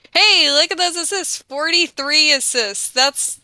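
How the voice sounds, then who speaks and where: A woman co-hosting a casual draft show, upbeat and quick to laugh. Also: high-pitched, bright, forceful tone, no echo.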